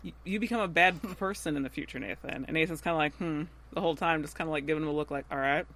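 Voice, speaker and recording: A woman with a bright, forceful voice recaps a TV episode on a podcast. She talks casually and acts out each character's lines in little voices, breaking into laughs along the way. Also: low voice, racing. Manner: animated retelling with acted-out quotes and frequent laughs. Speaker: podcast co-host.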